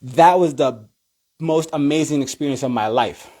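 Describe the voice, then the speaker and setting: A man in his thirties, a cheer coach, telling an energetic story and acting out his own thoughts in high voices. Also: normal speed. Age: 30s. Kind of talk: animated storytelling.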